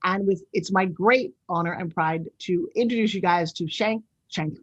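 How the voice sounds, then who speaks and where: A woman in her sixties with a New York accent, hosting a show in a loud, brash, animated way. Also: fairly low pitch, normal speed, highs cut off. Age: 60s. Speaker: show host. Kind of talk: casual talk-show monologue.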